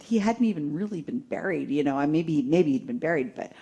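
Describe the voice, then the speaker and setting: Animated woman telling a story to an audience. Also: low-pitched, a little fast, breathy edge. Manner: animated, laughing storytelling with acted-out quotes. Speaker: conference speaker. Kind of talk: live talk to an audience. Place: talk in front of a seated audience.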